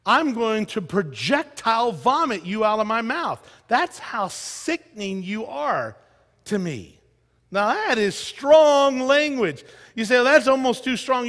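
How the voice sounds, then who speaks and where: High-voiced emphatic preacher in a hall. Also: male voice, fairly bright tone. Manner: emphatic, questioning the congregation. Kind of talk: sermon.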